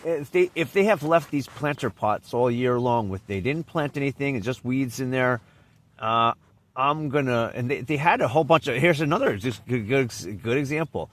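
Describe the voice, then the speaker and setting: A man's voice: mid-range voice, a bit bright. A man telling a personal anecdote in a casual, rambling way, often restarting and trailing off. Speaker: vlogger.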